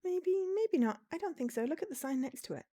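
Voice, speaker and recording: A woman voicing a bubbly lost soul, high and sing-song. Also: sing-song, fairly quick. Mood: breezy. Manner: bubbly, chatty, bright. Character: cheery ageless soul lost in purgatory. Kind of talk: reading a visual novel aloud.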